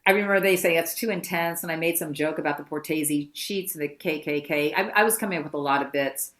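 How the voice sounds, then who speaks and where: An actress being interviewed on a podcast, telling lively anecdotes and acting out the voices of people she quotes. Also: low voice, quick pace. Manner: lively storyteller who acts out quoted voices. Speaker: actress guest.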